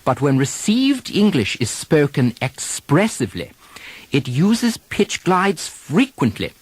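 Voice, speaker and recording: A man teaching accent drills on a taped lesson, modeling example sentences slowly and deliberately. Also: a little high, big pitch swings, husky. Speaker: dialect coach.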